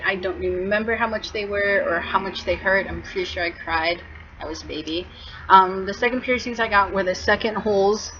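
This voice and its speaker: A young woman from California chatting casually to the camera in a home vlog, rambling with many ums and likes and laughing now and then. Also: medium pitch. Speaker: vlogger. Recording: muffled home video with steady background noise.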